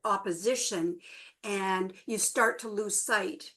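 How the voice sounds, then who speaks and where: Speaking slowly in a mid-range voice, this middle-aged workshop co-host shares stories with a small group about relationships. The talk is relaxed, and she animates the voices of the people she quotes.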